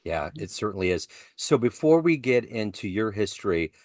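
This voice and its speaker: Animated male podcast host, dry sound. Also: on the low side, moderate pace, no room sound. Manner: animated, laughing storyteller. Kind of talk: casual interview chat.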